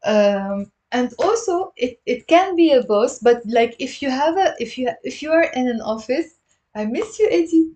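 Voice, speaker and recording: A woman with a Lebanese accent teaching an online Arabic lesson, repeating words slowly and chatting with viewers. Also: high voice, expressive, a little mellow. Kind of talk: live online language lesson.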